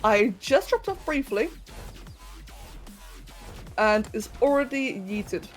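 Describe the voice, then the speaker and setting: Young British woman, game streamer, casual and giggly, slightly high voice, faint music underneath. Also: animated, slow pace. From Britain. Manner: chatty, giggly, talks to chat. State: sore throat. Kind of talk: casual live-stream chat while gaming.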